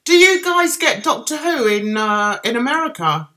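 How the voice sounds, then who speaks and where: A middle-aged Cockney woman from London hosts a livestream, chatting casually and answering viewers' comments. Her voice is on the high side and sharp, very animated, at a normal speed.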